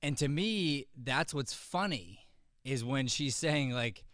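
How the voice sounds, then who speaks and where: A man's voice: medium pitch, lively intonation, takes it slowly, fairly bright tone, no echo, clean studio sound. Rambling male acting coach on a video call. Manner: loose, rambling, casual and profane. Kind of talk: coaching an online scene study class. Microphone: webcam or phone on a video call.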